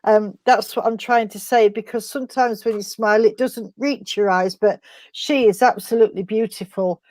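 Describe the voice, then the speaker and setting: A woman giving an emotional mediumship reading, speaking in a halting, tender way and calling the listener sweetheart. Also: mid-range voice, fairly even intonation, a little mellow, dry recording. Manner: halting, tender, full of endearments. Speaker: spiritualist medium.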